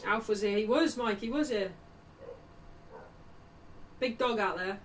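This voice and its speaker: A woman's voice: medium pitch, measured pace, long pauses. A woman casually commentating a football match live for her stream and greeting viewers in chat. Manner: chatty, shouts greetings to chat. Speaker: streamer hosting a football watchalong. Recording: distant mic with faint background noise.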